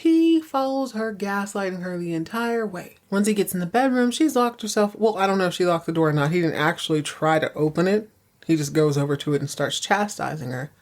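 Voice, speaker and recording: A woman's voice: lowish voice, animated, a little fast, a little mellow. A woman hosting a podcast, recapping episodes in casual, sassy chat with many asides. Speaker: podcast host.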